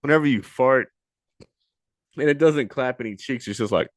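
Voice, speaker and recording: A man's voice: mid-range voice, normal speed, no room sound, clean studio sound. A man in his thirties hosting a podcast, opening with a rambling, giggly, profane and self-deprecating solo chat. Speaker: podcast host. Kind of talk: casual solo intro.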